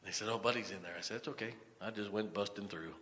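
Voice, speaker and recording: Low-voiced preacher in a reverberant church. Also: male voice, quick pace, fairly bright tone. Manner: storytelling preacher, rises to emphatic exhortation. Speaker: pastor. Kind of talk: sermon. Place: church sanctuary.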